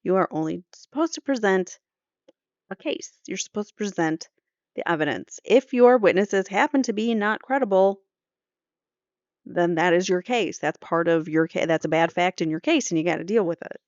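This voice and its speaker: A woman hosts a true crime court channel, reading transcripts aloud and stopping to weigh in with blunt, chatty opinions. Her voice is smooth and clear. The sound is dry and close, with a slightly dull, muffled tone. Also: lowish voice, normal speed, no room sound. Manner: opinionated, conversational asides. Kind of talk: reading trial transcript with commentary.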